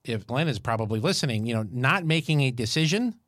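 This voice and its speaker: A man's voice: medium pitch, fast, no echo, clean studio sound. Fifty-something man telling a story. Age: 50s. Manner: storytelling, animated and jokey. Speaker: podcast co-host. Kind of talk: casual chat.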